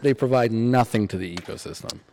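A man's voice: medium pitch, a little fast, creaky, a little mellow, slight background noise. A man co-hosting a casual podcast, blunt and profane, joking rants. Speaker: podcast co-host. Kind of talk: casual chat.

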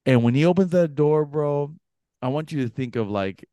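A young man co-hosting a podcast, telling a story casually and acting out the other people's voices with big jumps in pitch. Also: moderate pace, clean tone, no echo, clean studio sound. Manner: animated, acts out quoted voices with pitch jumps. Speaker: podcast co-host.

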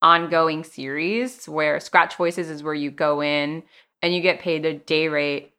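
A young adult woman speaks as a guest in a relaxed interview, telling her stories in a chatty, animated way. Her voice sits low, and she slips into other people's words as she recounts things. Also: measured pace, clear, resonant tone. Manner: chatty, animated storytelling with acted-out quotes. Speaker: actress guest. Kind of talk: casual interview chat.

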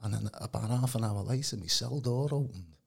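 A man from Birkenhead, England, appears as a podcast guest, giving a rambling, casual testimony packed with colloquial fillers. His voice is fairly low, gravelly and very husky, and he speaks briskly.

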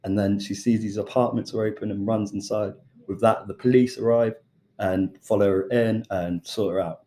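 Young British male chef, casual storyteller, low relaxed voice, acts out dialogue. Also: moderate pace. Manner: animated storyteller acting out quoted voices. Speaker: chef and podcast guest.

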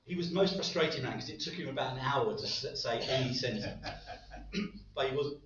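A man's voice: medium pitch, animated, fairly quick, noisy background. A man preaching a sermon in a light-hearted way, with joking asides. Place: large echoey church hall. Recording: very echoey, distant, dull hall recording.

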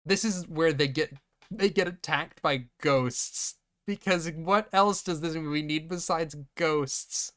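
Male podcast host, bright tone, sarcastic and swears freely while recapping. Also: fairly high pitch, takes it slowly, smooth. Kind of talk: casual movie-riffing chat.

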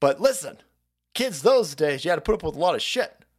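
Very animated and a little fast, this podcast host in his thirties speaks at a fairly high pitch. On his stream he rants about politics with crude language and mockery, slipping into goofy voices.

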